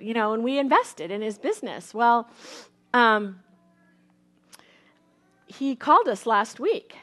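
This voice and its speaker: A middle-aged woman pastor with a fairly high voice preaches a sermon, recounting a family testimony in a lively storytelling style full of repetitions and restarts.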